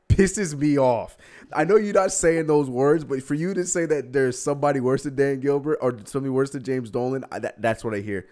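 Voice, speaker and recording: A young man hosting a casual live sports stream, animated and exasperated, often laughing. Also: mid-range voice, normal speed. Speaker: podcast host.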